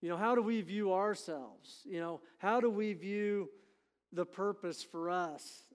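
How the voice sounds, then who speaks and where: A man's voice: high voice, unhurried, long reverb tail. A middle-aged man preaching a sermon as pastor, folksy and conversational, often asking for an amen. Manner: conversational and folksy, frequent "you know" and "amen". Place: church sanctuary.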